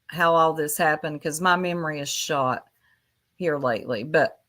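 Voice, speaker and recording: A woman's voice: fairly low pitch, sharp tone. A woman hosting a casual livestream, rambling and chatty as she answers viewers in her chat by name, speaking into a desktop mic. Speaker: YouTube livestream host.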